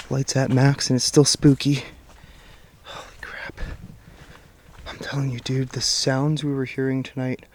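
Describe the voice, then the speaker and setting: A jittery man talks into a handheld camera as he hurries through a forest at night. His voice is dark and mellow, often dropping to a mutter between sighs. Faint outdoor noise and rattling sit behind him. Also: medium pitch, monotone, a little slow, long pauses. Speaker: paranormal vlogger. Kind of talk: nervous first-person vlog narration. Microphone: handheld camera mic while walking.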